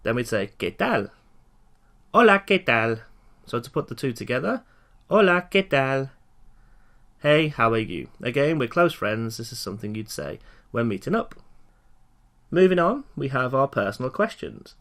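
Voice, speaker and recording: A man giving a recorded lecture for learners, slowly and clearly repeating each phrase for them to follow. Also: mid-range voice, big pitch swings, a bit bright. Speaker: language teacher.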